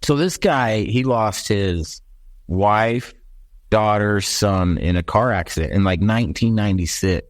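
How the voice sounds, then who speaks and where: A man's voice: fairly low pitch, a little slow, no echo. Young American male guest, friendly and loose, dry close recording. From United States. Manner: friendly, casual, says dude and like a lot. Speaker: podcast guest. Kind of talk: casual interview chat.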